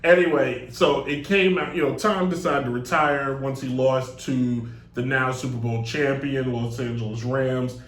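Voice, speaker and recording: Rambling, joking sports show host. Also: male voice, medium pitch, steady tone, measured pace, few pauses, fairly bright tone, slight background noise. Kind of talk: casual live show monologue. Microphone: desk mic on a stand. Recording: echoey room.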